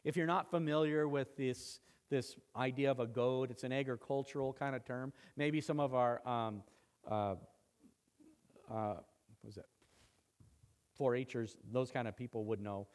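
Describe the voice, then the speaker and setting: A man's voice: mid-range voice, steady tone, measured pace, a little mellow. A male pastor preaching a sermon, dramatic and conversational, acting out quoted lines and making asides. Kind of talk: expository sermon.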